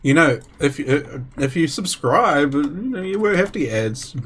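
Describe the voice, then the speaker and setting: A man's voice: a little high, big pitch swings, moderate pace, fairly bright tone, breathy edge. A man streaming a game live, chatting casually with viewers between moves and chuckling now and then. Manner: chatty, chuckles, talks to viewers while playing.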